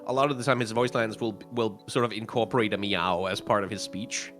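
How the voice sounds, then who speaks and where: A man's voice: lowish voice, steady tone, fairly quick, music in the background. A man co-hosting a podcast, making wry, observational remarks about a game. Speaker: podcast co-host. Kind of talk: casual gaming chat.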